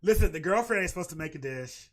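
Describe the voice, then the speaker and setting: A man with an African American English accent, hosting a casual chat and reading a forum post aloud, animated and swearing. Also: a little high, quick pace. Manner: animated, exclaiming, swearing, cackling laughs. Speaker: podcast host.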